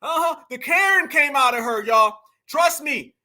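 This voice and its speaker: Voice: high-pitched, expressive, measured pace, sharp tone. A host giving heated, exclamatory commentary and calling the viewers family and y'all.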